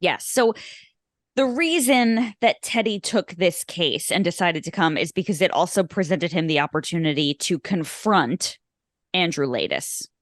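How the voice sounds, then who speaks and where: A woman's voice: lowish voice, lively intonation, a little slow, no room sound, clean studio sound. A woman co-hosting a casual movie podcast, blunt and teasing, wandering into side stories. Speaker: podcast co-host.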